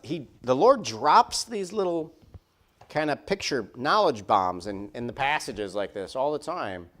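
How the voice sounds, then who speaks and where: A man preaching a sermon in a church, conversational and repetitive, full of rhetorical questions. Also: mid-range voice. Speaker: pastor. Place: church sanctuary.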